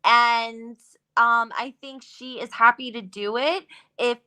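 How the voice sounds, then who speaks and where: Woman, guest, casual gossip chat, agreeable, filler words, bright, slightly high. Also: steady tone, slow, clean tone. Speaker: guest commentator.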